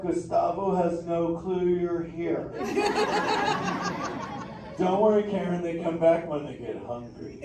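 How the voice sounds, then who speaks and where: A man's voice: sits high, far from the mic. A man voicing a laid-back male surfer sea turtle in a live interactive theater show, joking with the audience in surfer slang. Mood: teasing. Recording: echoey theater from afar with audience noise.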